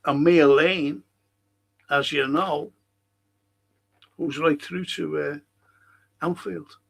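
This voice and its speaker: A man's voice: a little high, steady tone, drawn-out words, gravelly. A man with a Liverpool accent hosting a casual live stream, chatting and answering viewer comments as he reads them out. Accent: Liverpool (Scouse).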